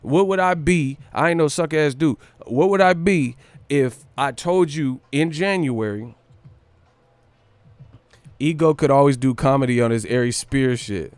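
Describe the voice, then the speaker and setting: A man's voice: medium pitch, measured pace, darkish tone, clear, resonant tone, no room sound. Brash, profane man hyping his livestream. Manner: brash, profane, boastful, hype; breaks into brief celebrity impressions and laughs. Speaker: boxing livestream host. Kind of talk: casual livestream rant.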